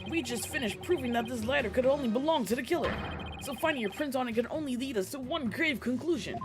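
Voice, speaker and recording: A woman's voice: high-pitched, lively intonation, fast talker, voice pushed up. A woman reading a smug male prosecutor. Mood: accusing. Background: game music.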